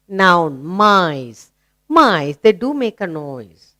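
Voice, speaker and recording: Indian english lady teacher, clear smooth voice, sing-song praise for little kids. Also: a little high, bright, forceful tone. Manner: slow, encouraging, sing-song questions to young learners. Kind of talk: children's English lesson.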